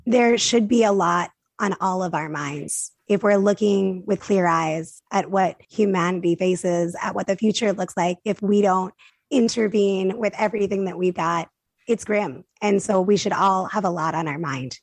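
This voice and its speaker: A woman's voice: mid-range voice, moderate pace, gravelly, no room sound. A woman hosting an interview podcast, asking questions in an earnest, careful way and thinking aloud. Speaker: podcast host.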